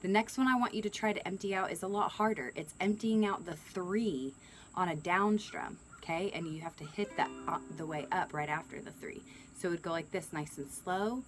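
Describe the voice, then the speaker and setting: A woman giving a relaxed music lesson, explaining strum patterns and counting beats aloud. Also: on the low side, moderate pace, rough recording. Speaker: ukulele and guitar teacher. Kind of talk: instructional lesson. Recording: ukulele playing loud under the voice.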